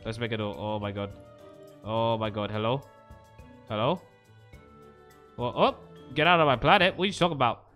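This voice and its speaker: A young man in his twenties giving jokey, excitable Minecraft let's-play commentary, jumping between loud shouts and nervous muttering. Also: mid-range voice, moderate pace, long pauses, soft background music. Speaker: gaming YouTuber.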